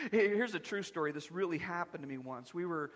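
Animated high-voiced male pastor. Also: normal speed, big-room sound. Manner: animated, conversational preaching with humor. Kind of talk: sermon. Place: church sanctuary.

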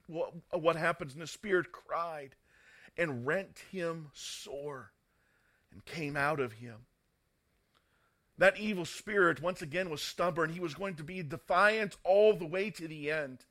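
A man preaching a sermon, emphatic and dramatic, swinging between loud bursts and hushed passages and leaning slowly on key words. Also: on the high side. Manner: stressing single words slowly.

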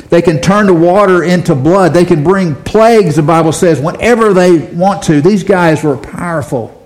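A man preaching a sermon in a folksy way, his voice rising loud when he quotes scripture. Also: on the high side, low-quality recording. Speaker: pastor.

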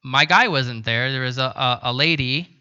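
A man preaching a sermon as a pastor, telling a self-deprecating story in a relaxed, conversational way. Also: medium pitch, moderate pace, smooth, lo-fi sound.

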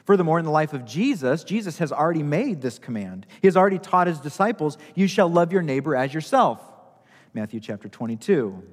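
A man's voice: a little high, sing-song, a little fast, slightly rough, long reverb tail. A male pastor preaching a sermon, repeating key phrases for emphasis.

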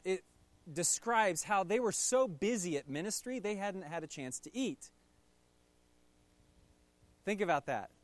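A man with a slightly raised voice gives a relaxed, conversational sermon. He tells the story with playful asides and speaks to his listeners directly. The recording is dry and close. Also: high voice, no echo. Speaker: pastor.

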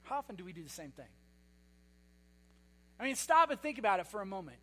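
A man's voice: sits high, big pitch swings, fast, sharp tone. A man preaching a sermon as pastor, emphatic and repetitive, with sarcastic asides. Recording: long hall reverb with mains hum.

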